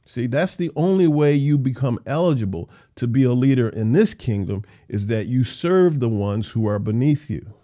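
A man's voice: mid-range voice, expressive, moderate pace, hardly any pauses, dark tone. A man teaching the Bible verse by verse in a conversational way, repeating phrases for emphasis.

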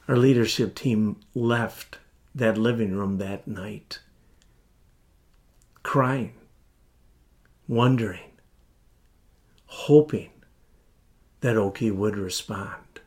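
Slow, earnest male pastor preaching. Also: lowish voice, a little mellow. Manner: slow, earnest, heartfelt delivery with deliberate pauses. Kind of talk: sermon.

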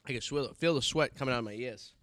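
A man co-hosting a casual talk show, chatty and halting with many fillers, teary and suffering from extreme spicy heat. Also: medium pitch, a bit bright, no room sound. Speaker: podcast co-host. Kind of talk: casual chat during a hot chip challenge. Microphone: headphones and studio mic.

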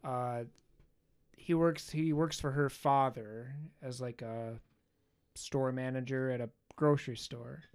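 A man's voice: mid-range voice, fairly even intonation, slow, darkish tone, clear, resonant tone. A man hosting a podcast, casually recapping a movie in a loose, profane way with joking asides. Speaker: podcast host.

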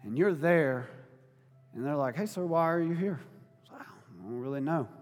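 A man with a high voice delivers a sermon in a big church hall, where a long reverb trails after his words. He preaches in a conversational, informal way, moving between quiet reflection and loud, emphatic appeals. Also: animated, normal speed, soft background music. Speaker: pastor.

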